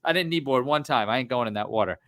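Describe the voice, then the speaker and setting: A podcast host from Rhode Island, telling stories in an animated way and swearing freely. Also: male voice, mid-range voice, fast talker. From Rhode Island, USA. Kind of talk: casual podcast chat.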